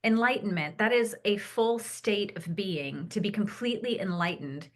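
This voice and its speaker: A woman guest in a podcast interview, telling stories with lively enthusiasm and slowing to a calm, soothing tone when she talks about peace and breathing. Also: mid-range voice. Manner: animated storytelling, acts out excited quotes. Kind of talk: conversational interview.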